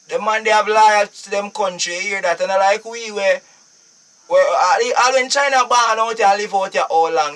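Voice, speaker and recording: Jamaican guy on a live stream, high voice, preachy and repeats himself, kinda far off the mic. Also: fairly bright tone. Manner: preachy, emphatic, repeats phrases. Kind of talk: casual live-stream talk.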